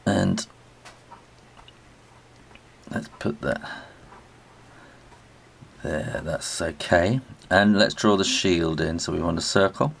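A man's voice: deep voice, gravelly, slight background noise. A middle-aged British man giving a chatty spoken drawing tutorial, talking as he draws and often trailing off and restarting. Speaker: illustrator teaching drawing.

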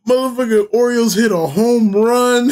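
A man with a very high-pitched voice talks at a moderate pace while hosting a sports reaction video. He's casual and excitable, laughing and swearing freely as he reacts.

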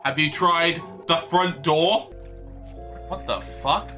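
A man's voice: fairly high pitch, slow, sharp tone, faint music behind. A man commentating a let's play on stream, joking, swearing and bantering with the characters through a desk mic. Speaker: gaming streamer.

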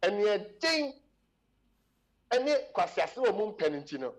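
High-voiced emphatic Ghanaian man. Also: very animated, slow pace, low-quality recording. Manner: emphatic, impassioned and preaching. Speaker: studio guest addressed as doctor. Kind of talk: studio panel discussion mixing Twi and English.

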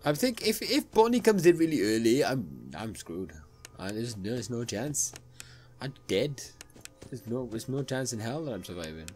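A man's voice: medium pitch, big pitch swings, moderate pace, darkish tone, faint music behind. Jumpy male horror-game player. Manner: jumpy, nervous, pleads aloud with game characters. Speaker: gaming YouTuber. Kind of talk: horror game let's play commentary.

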